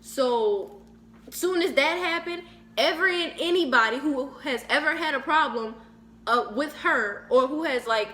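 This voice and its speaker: A woman's voice: high voice, a little slow, pushed and bright, echoey room. A young woman chatting casually and slangily, jumping in to add to a story. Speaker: storyteller co-host.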